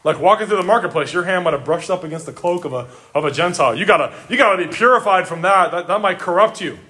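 A man's voice: sits high, expressive, quick pace, bright, forceful tone. A man preaching a sermon, emphatic, repeating words for stress and addressing his listeners directly. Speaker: pastor.

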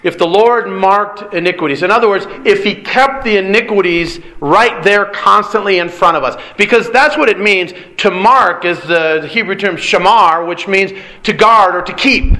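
A man's voice: sits high, moderate pace, few pauses, sharp tone. A middle-aged man preaching a sermon, earnest and direct, asking the congregation rhetorical questions. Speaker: pastor.

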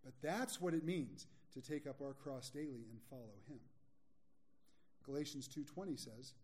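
A man preaching a sermon as pastor, candid and joking, and slowing down to stress his key points. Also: mid-range voice, darkish tone. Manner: candid, joking, slows for emphasis. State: a little sleepy.

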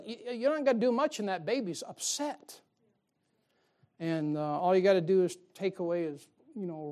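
A man's voice: high voice, a little mellow. A man preaching an evening sermon in a folksy, joking way, chuckling often and asking the congregation rhetorical questions.

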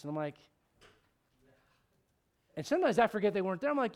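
A midweek Bible study sermon comes from a middle-aged pastor who preaches with animation and a conversational ease. Joking asides to the congregation come fast, as do his high-pitched bursts of emphasis.

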